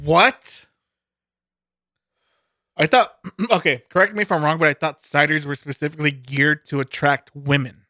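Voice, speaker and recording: A man trading quick sarcastic asides in casual podcast banter. His voice is bright and fairly high, and the sound is dry and close. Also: steady tone, no room sound. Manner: short quips and sarcastic asides. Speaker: podcast co-host.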